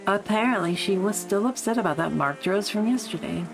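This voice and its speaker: A woman's voice: mid-range voice, lively intonation, brisk, rough recording. A young adult woman streamer reading a visual novel aloud, breaking off for profane, laughing asides. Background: background music and rain.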